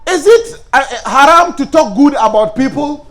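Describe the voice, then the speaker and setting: Male Islamic teacher, high lively voice, call-and-response lecturing. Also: normal speed. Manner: animated, asks the class questions and answers them himself. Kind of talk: classroom lecture.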